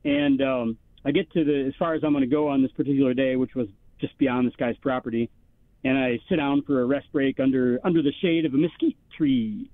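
A man's voice: medium pitch, steady tone, a little fast, no room sound. Brief: rambling male caller, phone-line sound, dry, loose storytelling. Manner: rambling, many fillers and restarts. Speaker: radio show guest. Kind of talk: casual storytelling.

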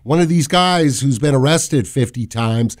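A man's voice: mid-range voice, unhurried. A man on a podcast recounting a news story in casual, run-on talk. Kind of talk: casual chat.

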